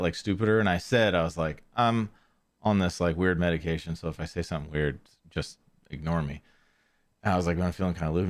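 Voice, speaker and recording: Podcast guy w a low smooth voice rambling thru a story, keeps correcting himself. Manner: rambling, self-correcting, trails off quietly. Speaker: podcast host. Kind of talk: casual storytelling.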